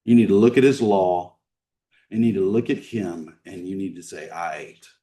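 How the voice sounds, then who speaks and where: A pastor, a man with a low voice, delivers a sermon in a church sanctuary at a moderate pace, using a conversational style full of rhetorical questions. Some lines he presses hard, others he drops to a hush, and he sounds a bit far from the mic.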